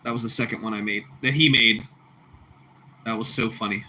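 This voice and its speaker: Bright, chatty livestream guy. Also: lowish voice, fairly even intonation, fairly quick, long pauses. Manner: chatty, repeats himself, calls viewers bro and bucko; laughs a lot. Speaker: livestream host reading chat. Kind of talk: casual livestream chat.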